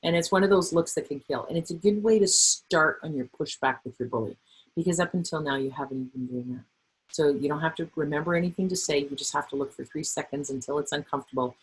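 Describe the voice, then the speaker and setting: A middle-aged woman trainer presenting a workplace webinar, animated and acting out the voices she quotes. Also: low voice, quick pace, slightly rough, low-quality recording.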